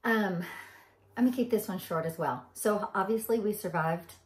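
A woman's voice: medium pitch, moderate pace. A woman from Arkansas with a Southern accent, telling a rambling story in a casual, chatty way with lots of ums. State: tired. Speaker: vlogger. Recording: echoey room.

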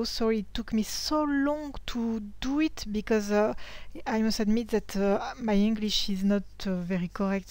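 Smooth-voiced woman with a French accent. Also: mid-range voice, darkish tone, no room sound. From France. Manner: hesitant, searching for words in a second language. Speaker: historical sewing channel host. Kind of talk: casual talk-to-camera tutorial.

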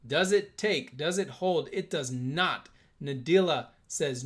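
A man's voice: a little high, slow, a bit bright. Jokey male live auction host. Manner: joking, counts down bids. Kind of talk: live-stream auction banter.

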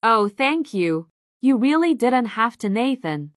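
A woman's voice: a little high, sing-song, measured pace, no room sound, studio quality. A woman voicing Val, a shy teenage girl with a crush, in a Roblox roleplay. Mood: unsure.

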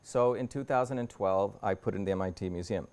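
A man's voice: lowish voice, quick pace, darkish tone, clear, resonant tone. A man in his fifties giving a lecture to a university audience as an invited speaker. He talks the audience through his slides in a conversational way, restarting and rephrasing often.

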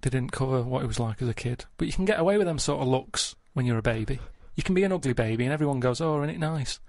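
A man, rambling through stories in a deadpan way during a casual podcast chat. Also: mid-range voice, very fast, no room sound, studio quality. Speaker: podcast regular.

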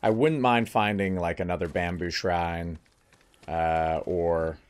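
A man's voice: sits low, steady tone, takes it slowly, slight background noise. A man giving casual, playful commentary while playing a video game, joking and talking to the characters. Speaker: let's play gamer.

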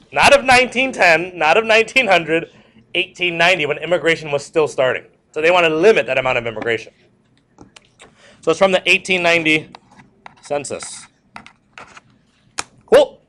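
Animated, high-voiced male history teacher. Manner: repetitive, animated, joking asides to students. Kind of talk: classroom lecture.

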